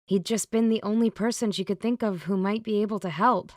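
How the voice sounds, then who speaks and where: A woman narrating an audiobook in an even, measured reading on a close microphone. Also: mid-range voice, dry recording. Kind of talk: scripted narration.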